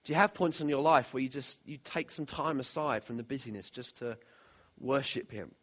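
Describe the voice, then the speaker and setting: A man's voice: mid-range voice, moderate pace, fairly bright tone. A man preaching a sermon in an earnest way, often putting direct questions to his listeners.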